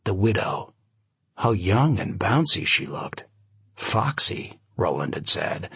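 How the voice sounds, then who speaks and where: Husky low-voiced male narrator. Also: a bit bright, no room sound. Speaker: audiobook narrator. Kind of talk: scripted narration.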